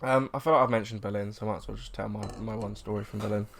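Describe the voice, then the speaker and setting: A man's voice: lowish voice, rapid-fire, vocal fry, a little hiss or hum. Young English man telling a story. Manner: animated storyteller, acts out quotes, laughs often. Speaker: podcast co-host. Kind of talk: casual chat.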